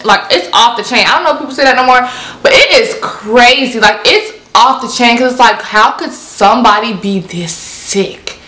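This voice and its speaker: A young woman, casually reviewing books in an animated, repetitive way. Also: on the high side, moderate pace, reverberant. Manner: animated, repeats herself, lots of "like". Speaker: book reviewer. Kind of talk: casual book review vlog.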